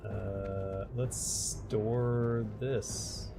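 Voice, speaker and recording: A man's voice: fairly low pitch, steady tone, very slow, music in the background. A middle-aged man streaming a game live, muttering to himself as he plays and then chatting openly with his viewers. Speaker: game streamer and voice-over narrator. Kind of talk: casual live gaming stream chat.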